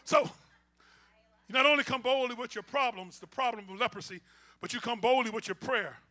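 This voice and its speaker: A male pastor preaching a call-and-response sermon, swinging from quiet asides to shouting and talking to the congregation informally. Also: very high-pitched, a little fast. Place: church.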